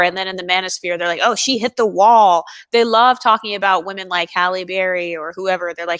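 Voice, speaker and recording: A woman's voice: lowish voice, fairly even intonation, brisk, hardly any pauses, a bit bright, clear, resonant tone. Woman reading chat comments aloud. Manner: agreeable, reads comments aloud. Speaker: co-host. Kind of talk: casual livestream chat, reading viewer comments.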